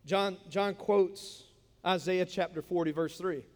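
A man's voice: sits high, steady tone, a little slow. A man preaching a sermon in a casual, conversational way, joking with listeners and often repeating words as he explains. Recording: long reverb in a large hall.

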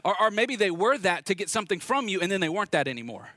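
A man's voice: high voice, big pitch swings, fast, bright, forceful tone. A male pastor preaches in a loose, conversational way and drops in wry asides. His voice sits a little above the usual male range. The sound is dry and close, with almost no room echo. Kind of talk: sermon.

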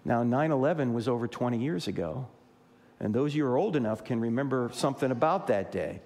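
A man's voice: medium pitch, fast talker, long reverb tail. A man in his sixties from New Jersey, giving a humorous Christian apologetics talk to a live audience and acting out the dialogue in his stories. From New Jersey, USA. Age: 60s. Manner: animated storyteller who acts out dialogue.

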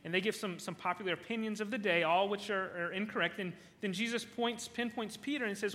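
A man's voice: sits high, fairly quick, hardly any pauses, pushed and bright, big-room sound. A man preaching a sermon, emphatic and stopping often to restart and repeat words. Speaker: pastor.

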